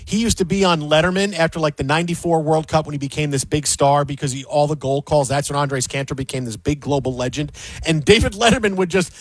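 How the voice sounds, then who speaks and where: Emphatic high-voiced sports talk host. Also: male voice, fast talker, no echo. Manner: emphatic, opinionated, jokey.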